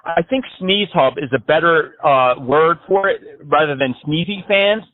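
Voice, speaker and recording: A man placing a prank call, his voice set a little high for a man. He rambles through absurd schemes in a mocking tone. The audio comes through a thin, phone-like band. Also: moderate pace. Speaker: scam-baiting prank caller.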